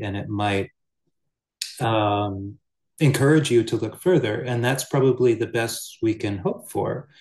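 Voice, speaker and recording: A man giving a relaxed, storytelling dharma talk as a Buddhist teacher. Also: on the low side. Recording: roomy echo.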